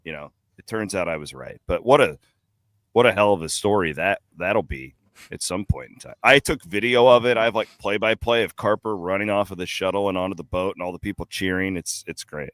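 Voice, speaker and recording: Bright-voiced man telling travel stories. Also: low voice, brisk, no echo. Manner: animated storyteller, laughs at his own stories. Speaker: podcast co-host. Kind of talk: casual sports podcast chat. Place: airport bar.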